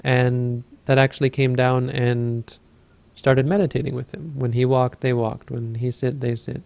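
A man who teaches Buddhism, giving a dharma talk and telling a story in a calm, measured way. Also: medium pitch, creaky.

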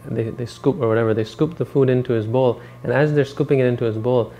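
Gravelly man telling a dharma story. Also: medium pitch, fast talker, dull audio, slight background noise. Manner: relaxed, rambling, self-correcting. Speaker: meditation teacher. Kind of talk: dharma talk retelling a story.

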